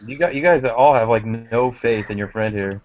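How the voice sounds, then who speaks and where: A man's voice: mid-range voice, normal speed, slight background noise. A man guesting on a chat show, laid-back and joking. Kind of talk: casual chat. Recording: dull lo-fi recording.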